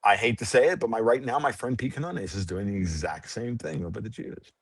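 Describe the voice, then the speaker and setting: A man's voice: lowish voice, expressive, fairly quick, gravelly, husky, no echo. A man speaking as a podcast guest in casual chat, explaining things bluntly and freely, with some swearing. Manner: blunt, profane, freewheeling explaining.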